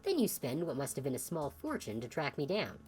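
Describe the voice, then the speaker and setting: A woman voicing a gaunt, sickly older male scientist in video game dialogue, formal and measured. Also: very deep voice, wildly swooping pitch, a little mellow, slight background noise, heavily acted. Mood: stern.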